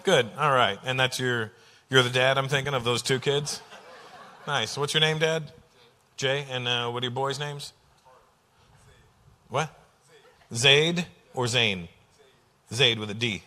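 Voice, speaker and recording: A man doing stand-up comedy from Canada, animated and teasing the audience as he tells stories on a large theater stage. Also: mid-range voice, unhurried, long pauses. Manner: animated, teasing audience members, puts on voices. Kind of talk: stand-up comedy with crowd work.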